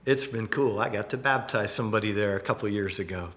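A man's voice: on the low side, fast talker. A middle-aged male pastor preaching a sermon, telling stories with humorous asides. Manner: animated storytelling with humorous asides.

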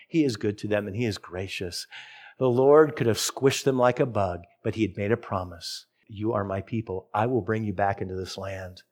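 A middle-aged man preaching a sermon, telling a personal story and reading scripture with lively, expressive delivery. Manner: storytelling, animated with big pitch swings. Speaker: pastor.

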